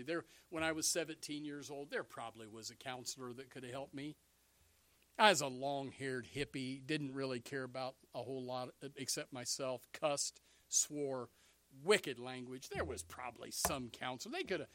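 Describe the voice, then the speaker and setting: A man preaching a sermon, animated, swinging between loud bursts and hushed asides. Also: mid-range voice, no room sound.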